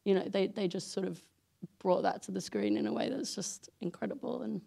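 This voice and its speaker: A woman's voice: medium pitch, very animated, fairly quick, vocal fry, dark tone. A woman answering as a series creator on a panel, laughing often and searching for words. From England.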